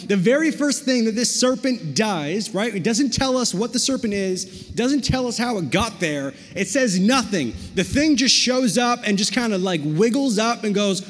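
A man with a high-pitched voice preaches a sermon in a large hall, where a long reverb hangs on his words. He talks like a casual, joking pastor, tossing slang asides between verses. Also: lively intonation, moderate pace, hardly any pauses.

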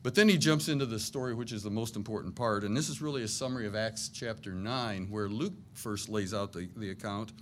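A man's voice: on the low side, fairly quick, hardly any pauses, fairly bright tone, slight background noise. A middle-aged man preaching a sermon to a congregation in a church, conversational and self-deprecating, with jokey asides. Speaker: pastor.

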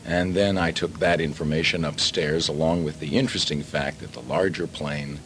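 A man co-hosting a radio show, telling his part of a story in a dry, halting way. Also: very deep voice, fairly even intonation, a bit bright, a little hiss or hum. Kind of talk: loose studio chat.

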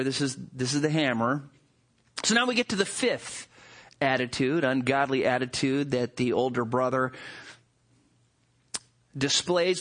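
A male pastor preaching a sermon, reading scripture and explaining it in an animated, conversational way with rhetorical asides. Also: sits high.

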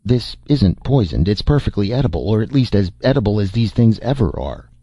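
A man's voice: lowish voice, big pitch swings, brisk, warm tone, breathy edge, no room sound. A man voicing a wry, resourceful male adventurer in an audiobook, with dry humor. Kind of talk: audiobook character voice.

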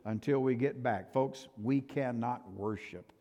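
An older male pastor preaching a sermon, emphatic and swinging from loud to soft, in a church sanctuary. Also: mid-range voice, a little slow. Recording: reverberant church hall.

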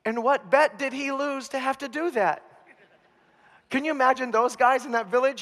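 A man preaching a sermon as pastor, telling the story with humor and animated asides. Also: very high voice, normal speed, in a large hall. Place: church.

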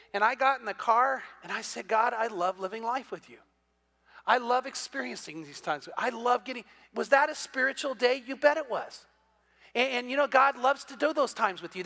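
A middle-aged man, a pastor telling a story in a sermon, animated and full of repeated "and, and" restarts as he acts out the people in it. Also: extremely high pitch, moderate pace, vocal fry.

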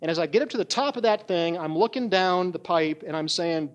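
A man preaching a sermon as pastor, telling a story with animated emphasis and frequent "right?" asides. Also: sits high, fairly quick. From not from California.

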